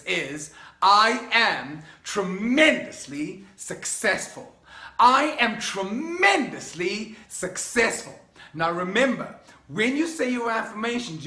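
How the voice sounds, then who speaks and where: A middle-aged South African man with a high voice speaks with keen, emphatic energy in a motivational vlog. His tone is sharp and bright. The room gives his voice a clear echo. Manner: enthusiastic, emphatic, conversational. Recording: echoey room.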